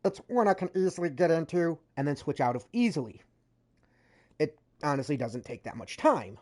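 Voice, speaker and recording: A woman's voice: low voice, animated, moderate pace, mellow. A woman streamer chatting casually over gameplay, rambling with frequent fillers and self-corrections. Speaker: gaming streamer.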